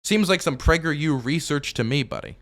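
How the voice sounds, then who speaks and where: Brief: male streamer with a bright, slightly high voice, rebutting a video in a loose, argumentative way. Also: lively intonation, brisk. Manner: argumentative, rebutting with repeated objections; loose, full of fillers and restarts. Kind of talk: commentary.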